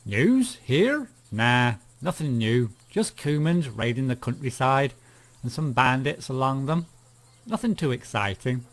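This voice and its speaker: A man's voice: medium pitch, expressive, measured pace. A man voicing a friendly, contented village farmer in a game, with a put-on rustic country accent and a drawl. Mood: homely.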